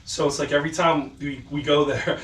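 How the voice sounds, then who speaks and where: A man's voice: on the high side, steady tone, moderate pace, a bit bright. Podcast host, male, casual storyteller, does voices for quotes, roomy distant mic sound. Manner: loose storytelling, quoting people in put-on voices. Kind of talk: casual chat. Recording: echoey room, far from the mic, faint noise.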